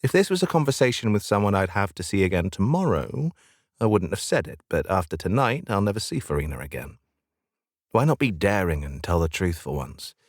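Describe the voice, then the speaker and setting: A man narrating a first-person audiobook in a steady, wry storytelling manner. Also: deep voice, a little fast, dry recording, studio quality.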